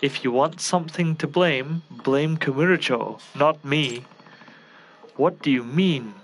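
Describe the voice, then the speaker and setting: A man voicing a smug, theatrical male villain who taunts with slow, gloating words. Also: fairly high pitch, fairly bright tone, slight background noise, low-quality recording.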